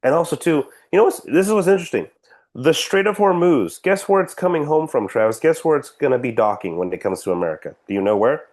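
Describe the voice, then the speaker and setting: A man's voice: fairly high pitch, lively intonation, fast talker, a little mellow. A man co-hosting a casual podcast, ranting sarcastically and swearing freely. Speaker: podcast co-host. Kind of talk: casual political podcast chat.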